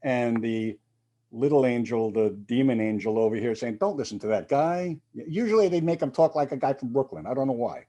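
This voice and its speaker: Mellow-voiced male minister preaching. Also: mid-range voice, a little fast. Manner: reflective, with quoted readings and asides. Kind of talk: sermon.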